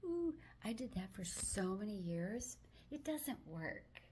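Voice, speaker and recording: This woman hosts a self-help video, murmuring gently in a near-whisper but now and then speaking a phrase with more force. She sounds animated yet slow, her voice sitting mid-range against slight background noise.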